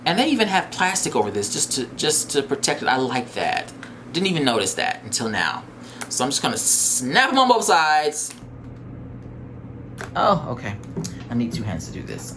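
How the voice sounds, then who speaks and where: A man's voice: mid-range voice, big pitch swings, normal speed, a bit bright, a little hiss or hum. A man hosting a casual unboxing vlog, talking in a gushing, exclamatory way and repeating his phrases. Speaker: vlogger reviewing a bag.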